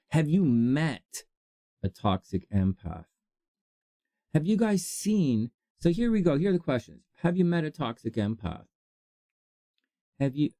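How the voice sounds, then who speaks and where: Vlog host, casual monologue, laughs a lot, swoops high and low, dry sound. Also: no echo. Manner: animated, laughs often, swings between low asides and high exclamations. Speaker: channel host. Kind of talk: casual advice monologue to camera.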